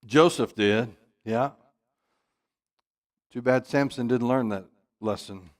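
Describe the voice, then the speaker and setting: A man leading a church Bible study, emphatic, jumping from loud exclamations to quiet asides. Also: mid-range voice, slow.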